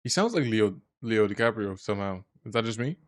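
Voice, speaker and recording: A man giving casual, animated reaction commentary on a movie, swearing freely. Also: on the low side, fairly quick. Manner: animated, swearing, laughing at scenes.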